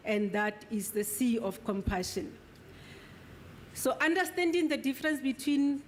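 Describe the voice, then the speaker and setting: A middle-aged woman giving an earnest, emphatic motivational address to graduates at a ceremony. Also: on the high side. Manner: earnest, emphatic, acts out quoted voices. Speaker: speaker at an oath-taking ceremony. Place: ceremony hall.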